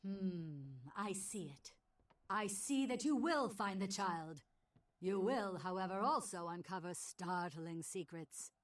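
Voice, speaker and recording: An actress voicing a theatrical female carnival fortune teller who speaks in a slow, mystical, prophetic manner. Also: medium pitch, lightly acted.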